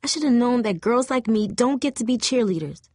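A woman's voice: a little high, lively intonation, brisk, a little mellow, no echo, clean studio sound, pitched above the performer's own voice. A woman reading an audiobook, voicing a tearful, bitter teenage girl cheerleader in a shaky, raised voice. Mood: upset. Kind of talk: audiobook character voice.

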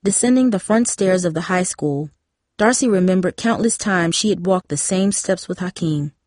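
A woman narrating a novel aloud in a steady, measured way. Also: on the low side, no echo, clean studio sound. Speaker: audiobook narrator. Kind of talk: scripted narration.

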